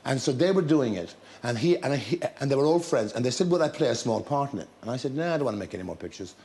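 A man, a talk show guest, telling lively anecdotes with laughter and acted-out scenes. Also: mid-range voice, quick pace, creaky. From Ireland. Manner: storytelling with laughter, acting out scenes.

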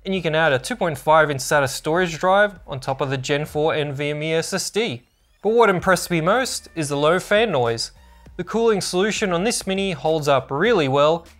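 A man's voice: fairly high pitch, animated, normal speed, a bit bright, faint music behind. A man narrating a scripted product review as a tech channel host, upbeat and informative.

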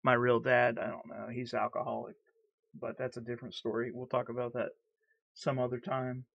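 A man's voice: medium pitch, level tone, normal speed, gravelly, lo-fi sound. A man in a candid personal vlog, talking earnestly and heatedly, stuttering and repeating himself. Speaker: vlogger.

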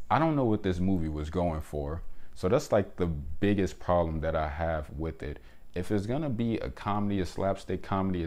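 A man with a notably low, deep voice talks through a movie review in a loose, conversational way. He is opinionated and fills his sentences with "you know" and "like". It sounds like a host speaking to his channel from inside his home. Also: a little mellow. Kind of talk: casual spoken film review. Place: indoors at home with windows closed.

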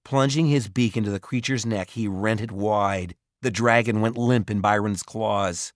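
A man reading a children's fantasy audiobook in a measured, expressive narration. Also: fairly low pitch, dry recording, clean studio sound. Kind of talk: scripted narration.

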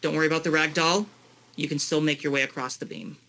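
A man's voice: fairly high pitch, steady tone, fast talker, creaky, sharp tone. A young adult man coaching his father through a video game with short, patient instructions. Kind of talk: casual gaming coaching.

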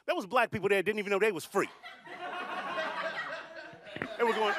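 A man's voice: high-pitched, very fast, very noisy. A man performing a stand-up comedy routine, telling stories with jokey asides. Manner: animated storytelling with jokey asides. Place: comedy stage with live audience. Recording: live comedy club audio with laughter.

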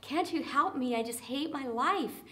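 A woman's voice: sits high, a little slow, sharp tone, voice pushed up. A desperate begging leper, as a woman puts him on. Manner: pleading, raised and urgent.

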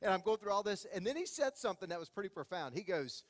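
A man preaching a sermon as pastor, telling a story with lively acted-out quotes. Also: high voice, fast, no echo, in a large hall. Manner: animated storytelling, acting out quotes. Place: church sanctuary.

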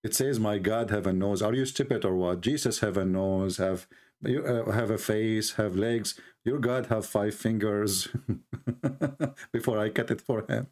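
A man's voice: fairly low pitch, unhurried, a little mellow. A man hosting a mocking commentary, sarcastic, laughing often, in broken English. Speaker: channel host.

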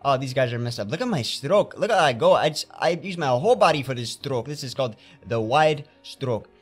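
Animated man narrating his game painting. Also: mid-range voice, fairly quick, soft background music. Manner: theatrical, talking to himself while painting. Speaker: gamer playing a painting game. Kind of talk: let's play commentary.

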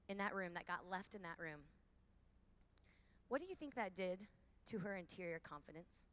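A woman in her thirties giving a lively faith talk to a large hall of women, with call-and-response. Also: lowish voice. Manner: lively, preachy, calls for audience repeats. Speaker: conference speaker.

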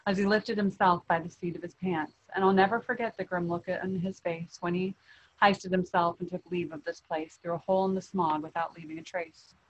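Lady reading a rhyming kids' story out loud, expressive, dull lo-fi sound. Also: lowish voice. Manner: expressive, rhyming read-aloud. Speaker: reader.

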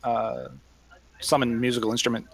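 A man's voice: mid-range voice, little pitch movement, moderate pace, gravelly, husky. A man playing a tabletop game, chatting in an easygoing way. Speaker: player. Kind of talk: casual chat at a tabletop game.

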